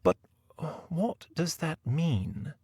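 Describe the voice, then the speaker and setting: A man's voice: on the high side, big pitch swings, drawn-out words, warm tone, slightly rough, no room sound, studio quality, voice pushed up, heavily acted. A man voicing an elderly female British novelist who is grandmotherly and eagerly curious. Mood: puzzled.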